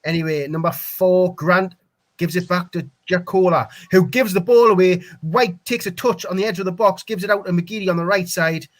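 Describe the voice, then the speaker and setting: A man calling a football match live for a fan stream, excitable and leaping up on chances. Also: high voice, moderate pace.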